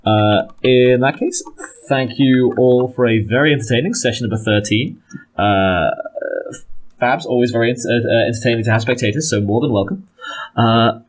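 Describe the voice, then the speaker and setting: Casual male game master, husky tone, average pitch, stammers and laughs, voice-call sound. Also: moderate pace, rough recording. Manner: chatty, laughing, stammering restarts. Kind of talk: casual post-session recap chat.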